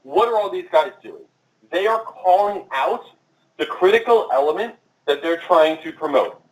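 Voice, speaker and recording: Fast-talking male conference presenter, echoey. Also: fairly high pitch. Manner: fast-talking, energetic, addresses the audience directly. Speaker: conference speaker. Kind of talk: marketing presentation. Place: conference room. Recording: echoey and distant from the mic.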